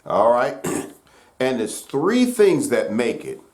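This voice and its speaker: A man teaching gospel piano in a relaxed, folksy way, with many fillers and loud piano under his talk. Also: mid-range voice, slow. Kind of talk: casual piano lesson. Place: room with piano. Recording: roomy echo over loud piano.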